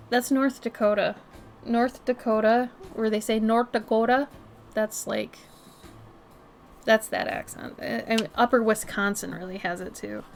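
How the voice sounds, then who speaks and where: This art streamer is a woman in her thirties from Minnesota, USA, with a slight Minnesotan accent. Her voice is a little high with vocal fry and a faint hiss or hum. She chats casually, reading and answering her live-stream chat, gushing and giggling.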